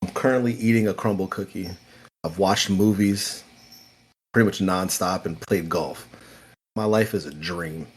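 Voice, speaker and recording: A man's voice: low voice, a little slow, husky. A man co-hosting a podcast who talks in a dry, sarcastic way. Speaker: podcast co-host. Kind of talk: casual chat.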